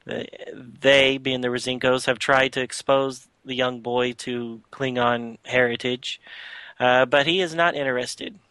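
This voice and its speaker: Bright-voiced man recapping casually. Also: medium pitch, steady tone, a little slow, clean tone, dry recording. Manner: chatty, loose retelling with frequent filler words. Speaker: podcast host. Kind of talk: casual comic book recap.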